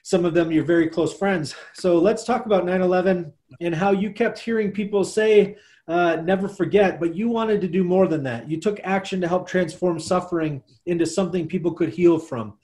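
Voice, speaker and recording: A man hosts a podcast interview in a fairly high voice. He is enthusiastic and leans on fillers as he sets up his questions, and is heard over a video call. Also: normal speed, a little mellow. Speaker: podcast host. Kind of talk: interview conversation.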